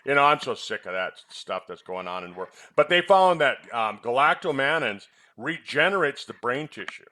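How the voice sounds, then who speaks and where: A former clinic owner who now presents health products chats casually about supplements, rambling and quizzing his co-host teasingly. His mid-range voice is animated, bright, and forceful at a moderate pace.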